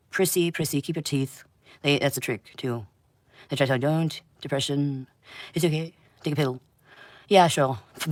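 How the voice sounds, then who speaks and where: A woman delivering an intense, rambling livestream monologue, swinging between loud outbursts and low muttering. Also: dry recording. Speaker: livestream host.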